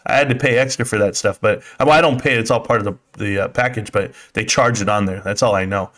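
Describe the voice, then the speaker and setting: A man's voice: lowish voice, fast, fairly bright tone. A man hosting a casual live stream, rambling and chatty as he reads viewer comments and swears now and then. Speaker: livestream host. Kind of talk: casual livestream chat, reading comments.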